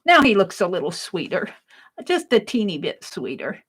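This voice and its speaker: A woman hosting a casual craft livestream, chatting and laughing at her own drawing as she works, sometimes dropping to a soft murmur. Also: medium pitch, sing-song, normal speed, slightly rough, poor audio.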